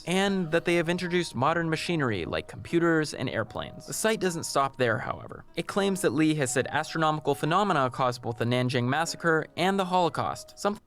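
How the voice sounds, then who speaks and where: A man narrates a documentary video from a script. He has a fairly high voice, and his delivery stays even and explanatory. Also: brisk, hardly any pauses.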